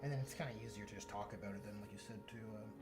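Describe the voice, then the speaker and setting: A man hosting a relaxed hobby stream, chatting in an easygoing way and often restarting his sentences. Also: lowish voice, rapid-fire, faint music behind. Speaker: streamer host. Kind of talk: casual chat.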